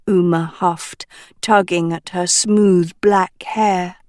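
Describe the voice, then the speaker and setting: A woman narrating a storybook in a measured, deliberate way. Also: fairly low pitch, fairly even intonation, a little mellow, dry recording, clean studio sound. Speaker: audiobook narrator.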